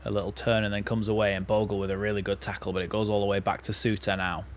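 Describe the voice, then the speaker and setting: Low-voiced man calling football live. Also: quick pace, slight background noise. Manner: excitable fan commentary, calls play by play. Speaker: watchalong host.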